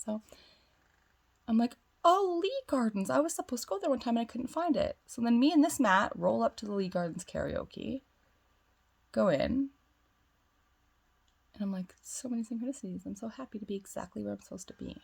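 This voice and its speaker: A woman's voice: mid-range voice, gravelly, darkish tone, husky. A woman vlogging as a spiritual guide, telling a long, rambling personal story in casual chat full of "like" fillers, sounding self-assured. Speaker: twin flame spiritual guide.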